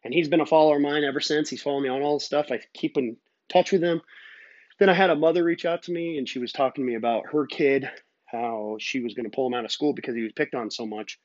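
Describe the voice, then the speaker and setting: A man's voice: medium pitch, fast talker, dry recording, highs cut off. A man hosting his own podcast, telling stories in an earnest, rambling way. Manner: earnest, rambling storytelling with fillers. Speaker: podcast host. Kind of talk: casual solo podcast monologue.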